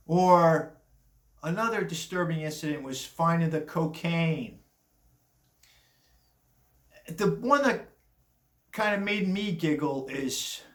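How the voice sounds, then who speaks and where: An older man giving a rambling, blunt opinion monologue on the day's news, with chuckling asides. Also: a little high. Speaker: commentary vlogger. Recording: echoey room.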